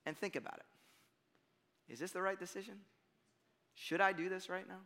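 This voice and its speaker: A man preaching a sermon in a relaxed, conversational way, telling stories and laughing at himself. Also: sits high, normal speed, long pauses, big-room sound. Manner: conversational, storytelling with self-deprecating laughs. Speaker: pastor.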